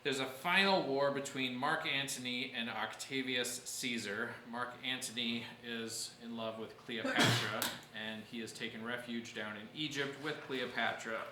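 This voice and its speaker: A man's voice: medium pitch, steady tone, moderate pace, few pauses, reverberant, background noise. A man teaching a church history class, explaining events patiently and answering questions from his students.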